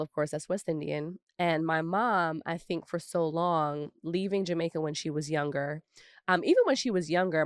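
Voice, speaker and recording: A Brooklyn, New York woman co-hosts a podcast, sharing personal stories in casual conversation. Her voice is fairly low and fairly bright, recorded dry with clean studio sound, and she tells reflective stories dotted with asides.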